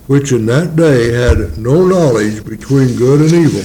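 A man preaching a sermon in a folksy way, asking rhetorical tag questions and slowing down to read scripture in old King James wording. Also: mid-range voice, lively intonation, dark tone, slight background noise, rough recording.

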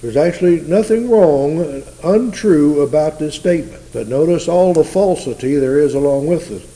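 A man's voice: a little high, animated, moderate pace, warm tone, poor audio. A man preaching a sermon in a folksy, conversational teaching style, asking his listeners rhetorical questions.

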